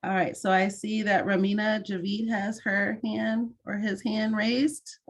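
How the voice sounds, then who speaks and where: A woman hosting an online mentoring session over a video call, giving clear, encouraging instructions. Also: mid-range voice, level tone, a little slow.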